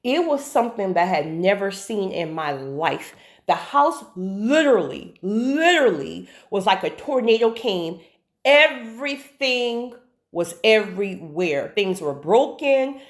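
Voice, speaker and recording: A woman telling a personal story to her viewers, chatty and animated, with asides and faith talk. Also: mid-range voice. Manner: faith-based talk of God and spirits. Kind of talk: casual storytelling.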